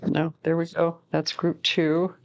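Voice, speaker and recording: A woman giving a casual, rambling tarot reading to camera, chatty and quick to laugh at herself. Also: deep voice, little pitch movement, gravelly, highs cut off, a little hiss or hum. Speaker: tarot reader.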